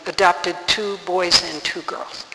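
A woman's voice: on the low side, fairly even intonation, takes it slowly. A woman telling a story as a sermon, earnest and dramatic in her retelling. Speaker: religious speaker. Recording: reverberant hall, faint hiss.

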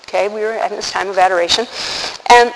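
A woman telling a personal story to an audience, animated, acting out the quotes and laughing often. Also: medium pitch, quick pace. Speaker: religious speaker. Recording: long hall reverb, faint noise.

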